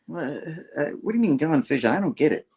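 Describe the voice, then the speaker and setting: A man's voice: on the high side, sing-song, fast talker, a little mellow, slightly rough, voice pushed up, heavily acted. Spider-Man, a quippy young hero, as a man puts him on. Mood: amused. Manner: joking, quipping. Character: young male wisecracking superhero.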